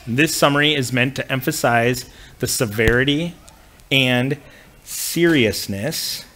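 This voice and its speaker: Male pastor, mid-range voice, conversational teaching, relaxed restarts. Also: medium pitch, slight background noise. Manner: conversational, with frequent fillers and restarts. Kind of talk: teaching a church class.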